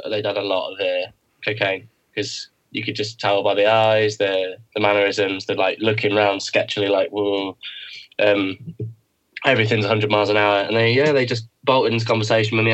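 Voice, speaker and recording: A man's voice: fairly low pitch, steady tone, brisk, fairly bright tone, dull audio. A man, a podcast co-host telling a rambling anecdote in casual chat and laughing through it. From England.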